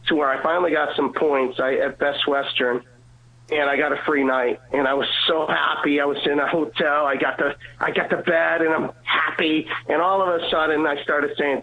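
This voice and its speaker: A man, a guest on the show, earnestly telling a personal faith story and often repeating and restarting his words. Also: a little high. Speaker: guest sharing a faith testimony. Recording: tinny phone line.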